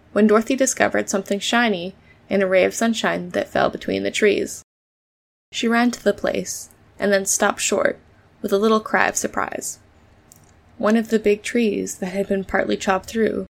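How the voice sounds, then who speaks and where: Woman reading a storybook with vocal fry. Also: mid-range voice. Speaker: narrator.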